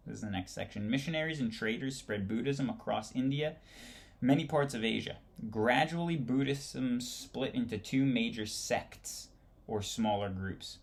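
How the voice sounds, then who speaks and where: A male instructor reads a history textbook aloud at a slow, unhurried pace. His voice has a gravelly fry, and he stumbles over words and goes back to reread them. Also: on the low side, lively intonation, darkish tone.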